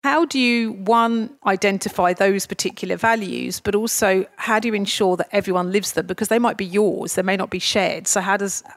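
Gravelly woman interviewer, dry sound. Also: medium pitch, normal speed, few pauses, no room sound. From Chatham, England. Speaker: interviewer, host. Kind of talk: casual interview conversation.

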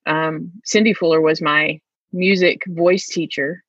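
Woman chatting back about her college days, husky low voice, dry lo-fi sound, laughs a lot. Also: steady tone, a little slow, no echo, soft background music. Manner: reflective, laughs often while telling stories. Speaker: former student guest. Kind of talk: casual interview. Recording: dull lo-fi sound.

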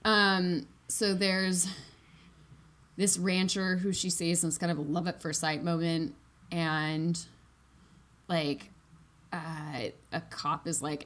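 A woman's voice: on the low side, steady tone, slow, fairly bright tone. A woman in casual chat, retelling a book and reading from it in a chatty way full of "like". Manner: chatty, fillers of "like", laughing.

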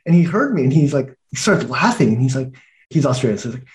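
Thirties man from Taiwan, podcast guest, relaxed chatter with frequent laughs. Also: a little high, normal speed. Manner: relaxed, laughs often, many "like" fillers. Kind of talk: casual conversation.

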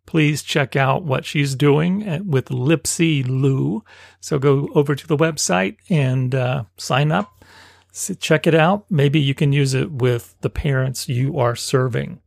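A man's voice: mid-range voice, measured pace, gravelly, no echo, clean studio sound. A man co-hosting a podcast interview in casual chat, often affirming the guest with short encouragements. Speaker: podcast co-host.

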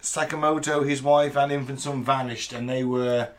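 A man's voice: mid-range voice, steady tone, normal speed. A British man co-hosting a podcast in casual chat, relaying researched facts with jokes and swearing. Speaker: podcast co-host.

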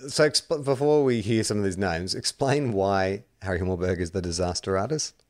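Podcast host, low relaxed voice. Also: male voice, normal speed. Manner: relaxed, long winding questions. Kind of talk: casual podcast interview.

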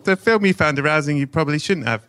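A man's voice: fairly high pitch, expressive, fast talker, fairly bright tone. A man hosting a live podcast, joking and laughing often, and sometimes putting on a posh, old-fashioned voice. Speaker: podcast host. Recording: live stage mic with faint noise.

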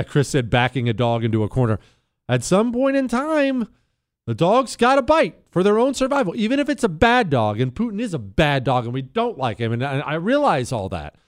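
A man hosting a talk radio show, delivering an opinionated casual monologue that is sarcastic and animated, breaking into high silly voices. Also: no echo, clean studio sound.

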